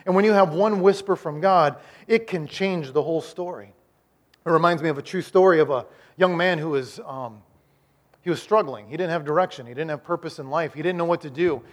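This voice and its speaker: A man preaching a sermon as the pastor, swinging between loud emphasis and quiet, slowed-down lines, often repeating and restarting words. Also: fairly high pitch. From Iowa, United States.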